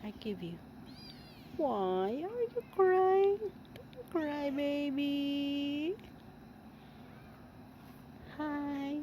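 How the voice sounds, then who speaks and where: Slow, cooing woman talking to kittens. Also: sits high, animated, lo-fi sound, slight background noise. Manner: cooing, slow, playful, laughing often. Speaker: vlogger filming her cats. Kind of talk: casual baby talk to kittens. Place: home with many cats. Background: kittens meowing.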